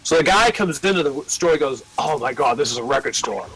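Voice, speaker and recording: A man's voice: mid-range voice, expressive, fairly quick, a bit bright, breathy edge, rough recording. An older American man who owns a record label, telling long rambling anecdotes with swearing and acting out the voices of the people he quotes. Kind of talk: casual storytelling.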